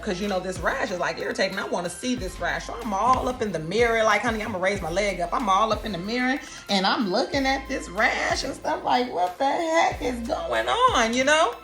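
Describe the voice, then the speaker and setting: A woman, telling her own cancer story in a casual, expressive, folksy way. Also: mid-range voice. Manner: animated, expressive, folksy, calls listeners honey.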